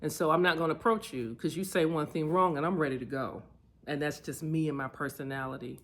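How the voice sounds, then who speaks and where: A woman sharing personal memories in a reflective vlog, candid and heartfelt, getting lively as she tells stories. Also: low voice, brisk. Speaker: vlogger.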